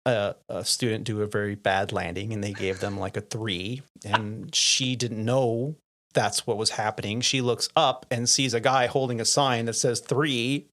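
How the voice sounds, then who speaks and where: A man's voice: fairly low pitch, normal speed. Storytelling pilot, laughing man. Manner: animated anecdotes, laughs often, acts out quotes. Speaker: podcast host and airline pilot. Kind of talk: casual chat, storytelling.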